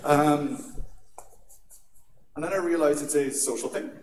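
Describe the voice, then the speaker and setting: A man's voice: on the high side, steady tone, unhurried, slight background noise. A man from Ireland with an Irish accent, giving a humorous conference talk on security and tagging asides with "right?". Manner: jokey and conversational, with frequent "right?" asides. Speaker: conference speaker. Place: large conference atrium. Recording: echoey hall, mic at a distance.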